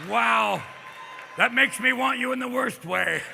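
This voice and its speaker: A man performing live stand-up comedy with manic energy, jumping between voices and bursts of shouting. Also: very high-pitched, unhurried, vocal fry. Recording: live hall reverb, crowd noise. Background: audience laughter.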